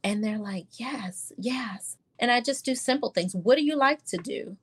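A middle-aged woman pediatrician in a casual podcast interview, chatty and quick to laugh, often acting out her talks with patients. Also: a little high, expressive. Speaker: pediatrician guest.

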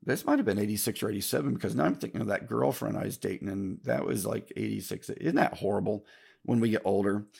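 A man's voice: fairly low pitch, fast, creaky, darkish tone, slightly rough. An older man telling a long personal story in a casual, rambling way, with restarts, mild swearing and repeated asides to "folks". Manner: keeps addressing listeners as folks. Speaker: podcast host telling a story.

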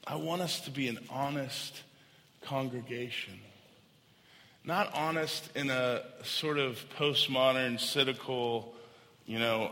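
A man's voice: medium pitch, slow, bright, forceful tone. A man preaching a sermon as pastor, earnest and conversational, telling a personal story to his congregation. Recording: long hall reverb.

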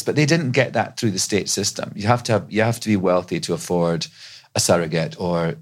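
Middle-aged guy from scotland rambling through stories on a podcast, kinda low voice. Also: expressive, a little fast. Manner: chatty, rambling with restarts. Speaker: podcast guest, actor. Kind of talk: casual chat.

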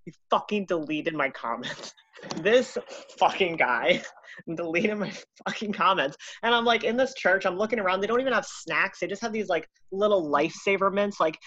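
Profane, animated woman telling a story. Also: sits low, moderate pace, dry recording, lo-fi sound. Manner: profane, animated, self-mocking. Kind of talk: casual anecdote.

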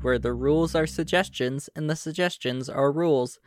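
A man's voice: on the high side, normal speed, darkish tone, faint music behind. A man hosting a podcast as game master, narrating a tabletop game in an easygoing way with frequent fillers.

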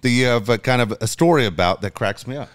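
A middle-aged man co-hosting a podcast, telling stories in animated, profane casual chat. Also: mid-range voice, quick pace, dry recording. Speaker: podcast co-host, father.

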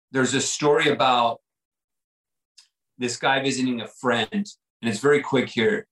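A man's voice: medium pitch, fairly bright tone, roomy sound, poor audio. A man guest on a podcast, telling a personal story in an earnest, reflective way, often repeating himself and saying "like" and "right?".

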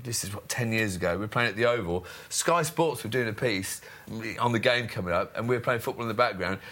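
A man's voice: mid-range voice, pushed and bright. A man telling jokey anecdotes in casual chat, laughing often. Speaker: podcast guest.

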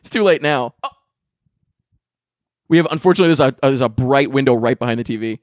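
A man's voice: mid-range voice, animated, fast, no room sound, studio quality. A man from Los Angeles in casual, jokey reaction chat while watching a show with a friend, laughing often. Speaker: podcast co-host watching a show.

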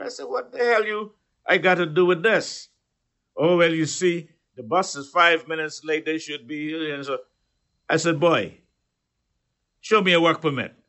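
A male talk radio host speaks in a measured, conversational way. His voice has a bright, forceful edge at a middling pitch.

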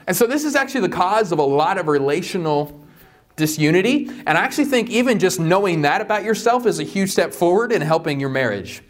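Joking, animated man preaching. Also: a little fast. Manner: animated and joking, voice jumping up high in playful asides. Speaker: pastor. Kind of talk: sermon.

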